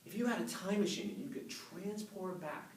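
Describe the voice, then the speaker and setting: A man in his fifties giving an animated, storytelling speech to a club audience and laughing along with them. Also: high-pitched, moderate pace. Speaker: Toastmasters speaker. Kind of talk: public speech. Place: meeting room with a live audience. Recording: echoey room, mic from far off, faint noise.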